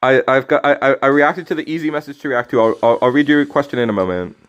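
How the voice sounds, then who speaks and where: Guy streaming a card game, mid-pitch, teasing his chat, yelps out when stuff happens. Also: fast, smooth, lo-fi sound. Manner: casual, teasing banter with chat; sudden loud reactions. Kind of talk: live game stream commentary.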